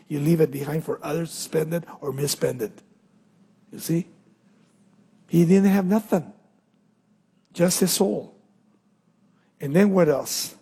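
A male pastor preaching a sermon, asking the crowd questions and answering them with emphatic, drawn-out pauses. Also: on the high side, creaky, mellow, breathy edge, big-room sound.

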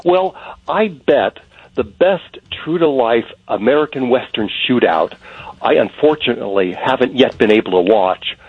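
A man's voice: medium pitch, animated, moderate pace, husky, no room sound. A man calling in to a radio show, talking earnestly in long run-on sentences over a phone line. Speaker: caller. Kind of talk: phone-in call. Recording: dull muffled phone-in line.

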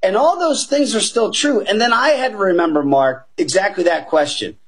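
A high-pitched, husky man talks through his fight picks with punchy enthusiasm. He keeps turning to his panel and leans hard on his favorite points. His delivery has the drive of a seasoned betting analyst on a sports show. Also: normal speed. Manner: energetic, emphatic, keeps addressing the panel as guys. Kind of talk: animated betting talk show chat.

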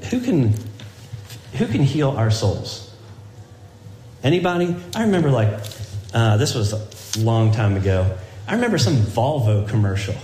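A man preaches slowly and deliberately, his voice sitting a little above the usual range for a man. He talks in a loose, conversational way, full of restarts and asides. The room around him rings with echo. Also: a little high, darkish tone, a little hiss or hum. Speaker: pastor. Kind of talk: sermon.

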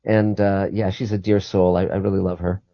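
A man's voice: deep voice, level tone, moderate pace, dry recording, dull audio. A man guest on a call-in radio show, talking earnestly and often repeating and restarting his words.

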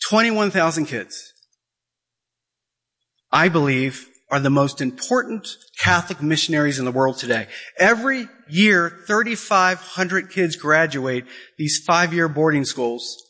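A man's voice: fairly high pitch, expressive, slow pace, pauses often, pushed and bright. A man giving an impassioned Catholic talk, emphatic and repeating his questions for effect. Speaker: Catholic speaker. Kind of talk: impassioned preaching.

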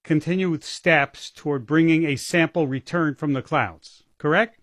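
A man with a fairly high voice hosts a radio interview. He asks curious, probing questions, and the sound is dry and close in a studio. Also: moderate pace, a bit bright, dry recording. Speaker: radio host.

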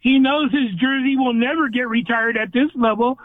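A man calling in to a sports radio show, ranting bluntly with strong opinions. His voice is very high and comes over a tinny, dry phone line. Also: moderate pace, dry recording. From California. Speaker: caller. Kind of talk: call-in radio talk.

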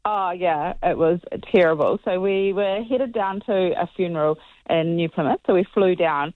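A New woman calls in to a breakfast radio show and tells her story with lively energy, pausing to ask "okay?". She comes through a thin, narrow phone line. The sound is dry and has no room echo. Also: fairly low pitch. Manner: animated storyteller, often adds "okay?". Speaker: caller.

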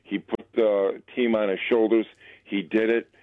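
A male caller with a fairly low voice, heard over a dry, tinny phone line. He talks in an easygoing, hesitant way and fills the gaps with ums and uhs. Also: level tone, measured pace, dry recording. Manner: easygoing, hesitant, with many fillers. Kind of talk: phone-in call.

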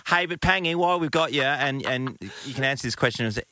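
A man's voice: medium pitch, fast talker, bright, forceful tone. A man co-hosting a radio chat show, full of jokey, teasing banter. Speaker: radio co-host, former footballer.

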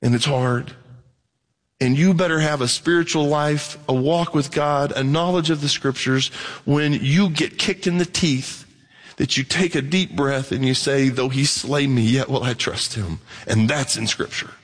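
Blunt preacher in an echoing hall. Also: male voice, a little high, a little slow. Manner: plainspoken and blunt, with dramatic swings between excited and hushed. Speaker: pastor. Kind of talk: sermon. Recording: long hall reverb.

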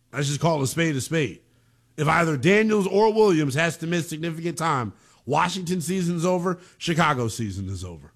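A man hosting a sports talk show, arguing football calls with impassioned, emphatic conversational commentary. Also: fairly high pitch. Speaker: sports radio host.

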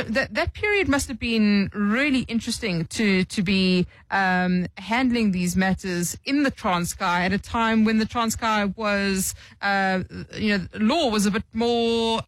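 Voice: medium pitch, no room sound, poor audio. Radio host asking long, rambling questions. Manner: warm praise, frequent fillers and restarts when asking long questions. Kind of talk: radio interview.

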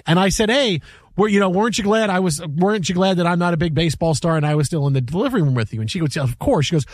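High-voiced man, radio sports host. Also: racing, dry recording. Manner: animated storytelling, acts out quotes. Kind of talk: casual sports radio banter.

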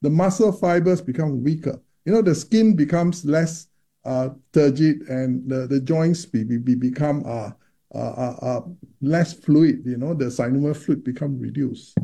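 A male doctor explains carefully in an interview, often restarting and repeating words. His voice is dark and husky with a gravelly edge, pitched a little high for a man. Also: normal speed. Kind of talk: interview about menopause research.

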